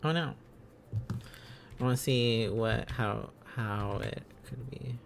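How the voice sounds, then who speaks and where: A man's voice: medium pitch, takes it slowly, vocal fry, slight background noise. A man streaming casually, thinking aloud as he learns, sounding out syllables and chuckling often.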